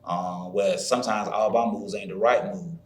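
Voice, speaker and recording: A man's voice: low-pitched, steady tone, moderate pace. A man from Florida, a trainer reflecting openly in casual podcast talk, often checking in with his listener. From Florida, USA. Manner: reflective, keeps saying "you feel me". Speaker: podcast guest, fitness trainer. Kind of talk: casual conversation. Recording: roomy echo.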